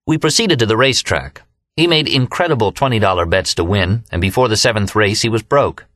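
This is scripted audiobook narration by a man whose voice is on the low side. He tells the story in a steady, measured way, recorded at studio quality without echo.

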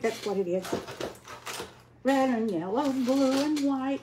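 An older woman, chatting slowly on a craft livestream, greeting viewers by name while she paints. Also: sits high, background noise. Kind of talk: casual live-stream chat while painting.

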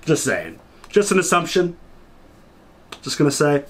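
A man's voice: a little high, very animated, measured pace, fairly bright tone. A man co-hosting a casual movie reaction chat, laid-back, laughing often and cracking dry jokes. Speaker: reaction video co-host.

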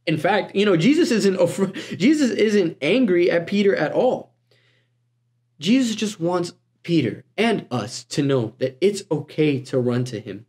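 A man preaching a sermon with a slightly high voice. His delivery is easygoing and conversational, full of casual asides, and lively throughout. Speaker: guest preacher.

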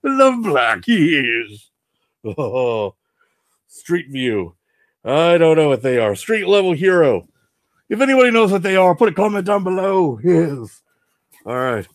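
A man playing Venom, a boastful alien symbiote, in a goofy, excitable in-character comic unboxing. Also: on the high side, a little slow, no room sound, studio quality. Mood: excited playful. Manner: goofy, excitable, answers himself with "yes".

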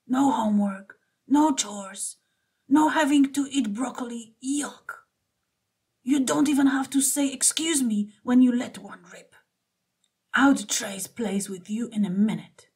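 Woman doing a whiny, excitable little boy. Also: on the high side, measured pace, husky. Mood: grumbling. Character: sulky young boy who wishes to be a dog.

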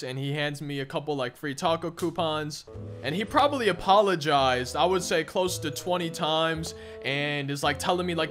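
A young man tells a long, meandering story while he plays a game, and his voice sits a little on the high side. He keeps restarting his sentences and padding them with fillers. Faint music plays underneath. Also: moderate pace, fairly bright tone. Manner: rambling, frequent restarts and "like". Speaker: gaming storyteller. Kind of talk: casual story time over gameplay.

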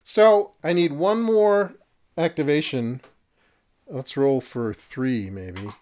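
A man narrating and refereeing a horror miniatures game, chatty and quick to laugh at his own jokes. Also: a little high, a little mellow. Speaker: game master.

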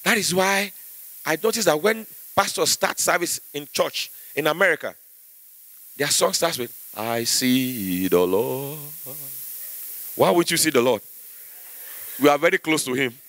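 Young Nigerian man, stand-up in church, high bright voice, dry close sound, animated, acts out voices. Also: normal speed, long pauses, no room sound. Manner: animated storytelling, acting out voices, rising to shouts. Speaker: comedian.

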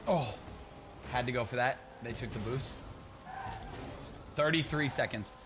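A young man chatting through live gameplay, talking to his teammate and breaking into excited shouts. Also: medium pitch, measured pace. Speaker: gaming YouTuber. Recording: background noise.

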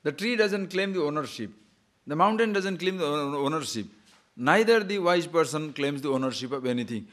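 A man teaches scripture in a lively, wandering way, full of rhetorical questions. His voice sits a little high and swoops up and down a great deal. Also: moderate pace. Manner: animated, rhetorical questions, digressive storytelling. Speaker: spiritual teacher. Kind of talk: spiritual discourse on scripture.

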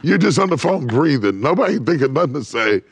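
A middle-aged man preaching on a TV talk show, rising to loud emphatic peaks and dropping to near whispers, repeating his phrases. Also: on the high side, sing-song, a little fast, husky, no room sound. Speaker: bishop and guest preacher. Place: TV studio set.

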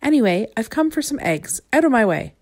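Storybook part: a woman doing a bossy, headstrong little girl, pitched up high and haughty. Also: big pitch swings, fairly quick, darkish tone. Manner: haughty, dismissive snorts.

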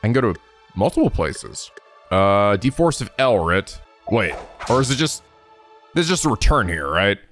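A man's voice: lowish voice, big pitch swings, moderate pace, long pauses, a bit bright, soft background music. A man hosting a let's play, chatting casually and thinking aloud as he plays, with sudden swearing outbursts. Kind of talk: casual gameplay commentary.

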